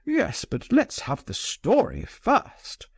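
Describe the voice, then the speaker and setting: Guy doing a wrathful old general, slow and very animated. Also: sits high, vocal fry, slightly rough, no echo, clean studio sound, pitched above the performer's own voice, full character voice. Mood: agitated. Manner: agitated, wrathful. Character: irritable older general.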